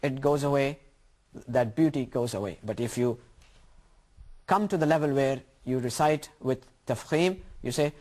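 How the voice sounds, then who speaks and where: A man teaching Quranic recitation rules in a lesson. He talks deliberately and repeats words slowly to contrast correct and wrong pronunciation. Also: mid-range voice, a little mellow. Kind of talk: tajweed lesson with spoken examples.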